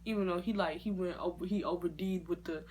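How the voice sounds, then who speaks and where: A woman vlogger telling a personal story in a casual, slangy and expressive way. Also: lowish voice, brisk, slight background noise. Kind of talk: story time vlog.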